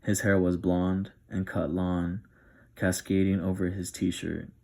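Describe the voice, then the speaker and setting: A man reading a novel aloud in a soft, steady ASMR style. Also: low-pitched, slow, gravelly. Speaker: narrator.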